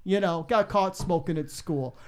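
A man's voice: moderate pace, slight background noise. A man who works as a radio DJ, telling stories in a casual interview and acting out callers with big jumps in his voice. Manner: animated, acts out callers with big pitch jumps.

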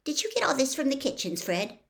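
A brisk, clever teenage girl, read by a woman in a storybook, proper and quick. Her lines climb a little higher than the narration, with a lively lilt. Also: vocal fry, heavily acted.

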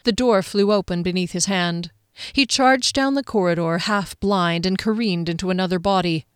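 A woman narrating a fantasy novel aloud with an expressive, dramatic reading. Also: fairly low pitch, normal speed, clear, resonant tone, no echo, clean studio sound. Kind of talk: audiobook narration.

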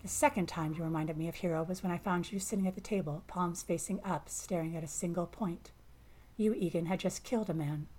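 A woman narrating a first-person science fiction story in a calm, measured way. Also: lowish voice.

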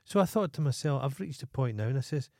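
A Scottish man spins blunt, sweary stories on a podcast at a mid pitch. His voice is close and dry, with no room around it. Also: expressive, fast, a little mellow, no room sound. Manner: blunt, profane storytelling. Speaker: podcast co-host. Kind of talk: casual podcast chat.

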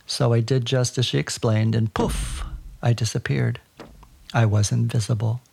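A man narrating a personal childhood story for a podcast in a wry, deadpan way. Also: medium pitch, moderate pace, vocal fry, breathy edge.

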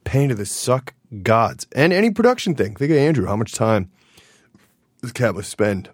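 A man hosting a podcast in casual chat, animated and jumpy, cursing freely. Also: mid-range voice, normal speed, husky, no room sound, studio quality. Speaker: podcast host.

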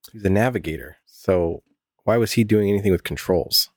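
A man guesting on a casual podcast, raising questions and thinking out loud. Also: lowish voice, brisk, breathy edge, no room sound, clean studio sound. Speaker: guest co-host.

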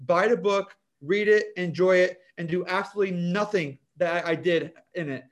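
A man guest on a podcast, a chemist and author, telling animated anecdotes with frequent restarts. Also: high-pitched, normal speed. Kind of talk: interview storytelling.

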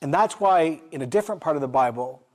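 A man's voice: fairly high pitch, expressive, fast talker, darkish tone. A middle-aged man preaching a sermon, asking his listeners questions and telling a story, building to emphatic peaks. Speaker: pastor.

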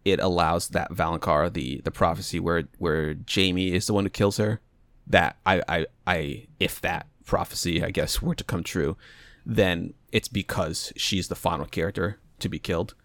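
A man's voice: sits low, moderate pace, fairly bright tone, no echo. A man casually talking over a TV show's plot as a podcast co-host, rambling and restarting as he mulls theories aloud. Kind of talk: casual TV recap chat.

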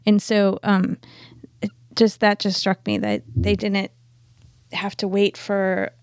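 Earnest woman with a creaky voice. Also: medium pitch, flat delivery, takes it slowly, darkish tone, no room sound, studio quality. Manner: earnest, emphatic, repeats for stress. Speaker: podcast co-host. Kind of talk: casual faith podcast discussion.

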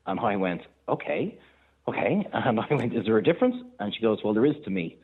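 An Irish man, a chef and restaurateur, telling animated anecdotes in casual chat. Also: on the low side, breathy edge. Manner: animated anecdotes, quick bursts of laughter. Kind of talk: casual storytelling on a phone-in. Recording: tinny phone line.

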